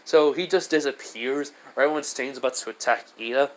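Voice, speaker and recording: A man's voice: medium pitch, normal speed, low-quality recording. A man casually retelling a fan-made story, rambling with frequent fillers and self-corrections. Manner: rambling, full of fillers and restarts.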